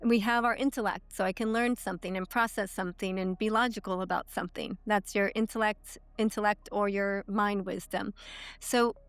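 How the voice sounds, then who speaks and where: Smooth-voiced woman coaching, checking in. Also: medium pitch, fairly even intonation, fairly quick, a bit bright, dry recording. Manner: teaching, checks in with "okay?" and "right?". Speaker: coach, podcast guest. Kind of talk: explanatory interview talk.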